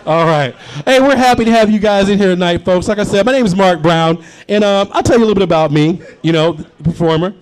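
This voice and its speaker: A man's voice: high voice, fast talker, hardly any pauses, smooth. A man in his forties hosting a live comedy show, telling jokes and chatting with the crowd. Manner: animated, chatty, working the crowd. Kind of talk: live stand-up storytelling. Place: bar venue, live show.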